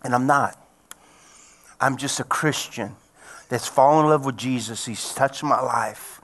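An older pastor preaches a sermon and shares his personal testimony, his medium-pitched voice moving unhurriedly. He drops to hushed near-whispers at some points and rises to loud cries at others.

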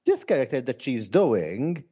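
A man's voice: mid-range voice, sing-song, a little slow, warm tone, slightly rough. A man with a Maltese accent chatting casually as co-host, moving between English and Maltese mid-sentence. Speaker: podcast co-host. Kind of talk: casual chat about a reality show.

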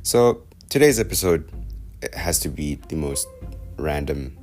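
A man's voice: very deep voice, lively intonation, a little slow, a little mellow, soft background music. A young man with a South African accent, hosting a rambling solo podcast in a loose, self-mocking way, full of fillers and digressions. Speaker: podcast host. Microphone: podcast microphone.

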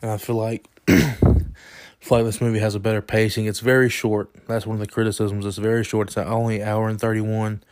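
A man's voice: on the low side, monotone, fairly quick, darkish tone. A young man giving a casual, rambling and enthusiastic spoken movie review, full of restarts and "you know.".

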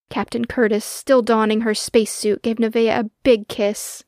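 A woman narrating a Christian children's audio story with warm, expressive storytelling. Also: on the high side, normal speed, hardly any pauses, dry recording, clean studio sound.

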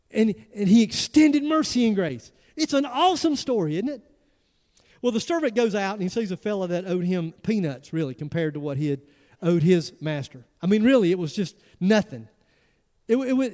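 A male pastor, preaching an animated, emphatic sermon full of rhetorical questions. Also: high-pitched. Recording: long hall reverb.

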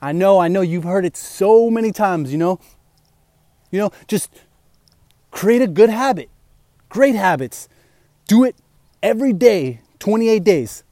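Young male fitness vlogger, high voice, rambling and slangy, dry close mic. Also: lively intonation, a little slow, mellow, no echo. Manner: rambling, slangy, keeps saying "you know" and "bro". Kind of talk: casual chat.

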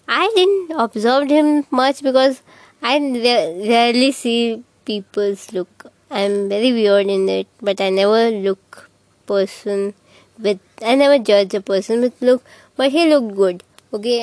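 A woman's voice: fairly high pitch, a little mellow, no echo, low-quality recording. A young woman with an Indian English accent, telling a school story to her channel in a chatty, rambling, self-mocking way. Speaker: vlogger. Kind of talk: casual storytelling to camera.

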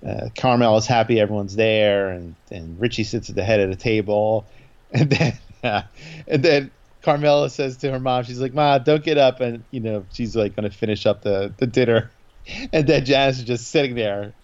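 Recapping an episode as a podcast co-host, this man rambles casually, using lots of fillers and quoting lines. His voice is lowish and moderately paced, and the audio sounds dull.

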